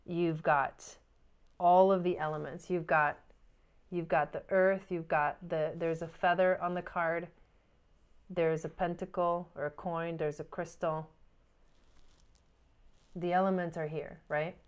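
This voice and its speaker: A woman's voice: fairly low pitch, steady tone, unhurried, pauses often, clear, resonant tone. A middle-aged woman giving a casual, earnest tarot reading, chatty and full of "like" and "you know", acting out inner voices as she talks. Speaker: tarot reader.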